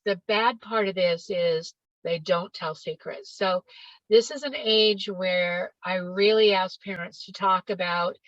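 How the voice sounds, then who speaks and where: A woman's voice: mid-range voice, no room sound. A middle-aged woman, a parenting educator, giving a workshop talk to parents over a video call, emphatic and repeating words for stress. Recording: dull lo-fi dry sound.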